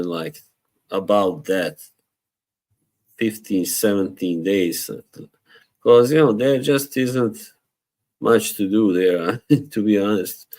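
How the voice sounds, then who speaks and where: A man hosting a casual live stream, chatting loosely with viewers, laughing often and slipping into Bosnian phrases. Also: sits low. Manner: relaxed, rambling, laughs often, mixes in Bosnian. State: tired from little sleep.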